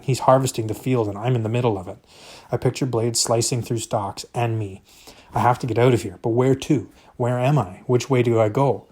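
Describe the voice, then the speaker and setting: Mellow husky man reading aloud. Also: mid-range voice. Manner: expressive first-person narration. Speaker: reader.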